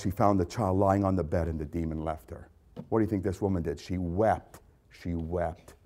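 A man preaching a sermon with passion, repeating lines and swinging from loud outbursts to quiet, intense remarks. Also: lowish voice. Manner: impassioned, repetitive, swings loud to soft. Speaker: pastor.

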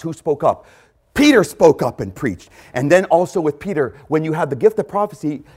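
A man preaching a sermon, repeating phrases for emphasis and swinging between loud emphatic lines and quiet storytelling. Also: mid-range voice. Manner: dramatic, swings between shouting and hushed storytelling.

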